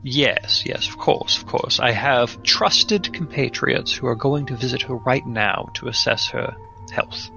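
Male player as a formal, awkward gentleman investigator; gravelly, dull dry sound. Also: medium pitch, steady tone, measured pace, faint music behind. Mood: polite. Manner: formal, old-fashioned politeness. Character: proper, courteous investigator, awkward comforter.

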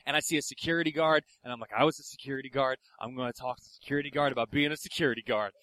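A man's voice: mid-range voice, very fast, a little hiss or hum. A young man from Philadelphia telling a profane stand-up story, acting out the other people in it. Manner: animated, acts out voices, profane. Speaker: stand-up comedian.

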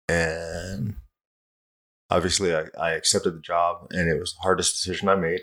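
A middle-aged fire captain from Southern California tells his story in a casual interview, blunt, profane, and self-mocking. He has a deep, slightly bright voice with fairly even intonation and a normal speed.

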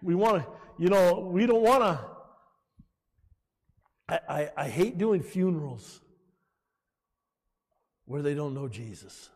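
High, lively-voiced preacher man in reverberant hall. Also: takes it slowly, long pauses. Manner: animated preaching, calls out "Amen?" to the congregation. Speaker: pastor. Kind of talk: sermon. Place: church.

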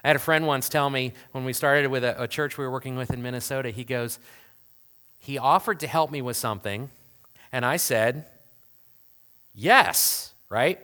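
A man, a pastor, preaching a conversational sermon full of rhetorical questions, swinging from loud emphasis to hushed asides. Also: mid-range voice, a little fast.

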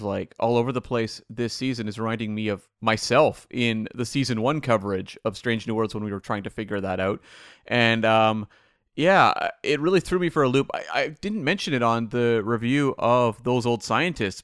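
Male co-host, mid pitch, smooth and easygoing, dry close sound. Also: fairly quick, a bit bright, no echo. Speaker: podcast co-host. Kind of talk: casual podcast chat.

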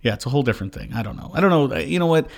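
A man co-hosting a podcast, telling stories in a casual chat and quoting his wife and daughter in lively voices. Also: medium pitch, very fast. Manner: animated storyteller, quotes people in raised voices. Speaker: podcast co-host.

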